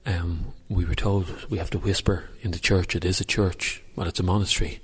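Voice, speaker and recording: A man phoning into a radio show from a quiet church, casual, hesitant and self-mocking, fumbling for his words. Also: low voice, fairly even intonation, fairly quick, breathy edge. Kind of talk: casual phone report.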